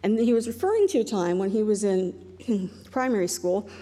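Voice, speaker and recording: A woman's voice: medium pitch, sing-song, fairly quick, mellow, breathy edge, big-room sound. A middle-aged woman from northeastern Ohio gives a humorous live talk as a guest speaker, rambling and self-deprecating and laughing often.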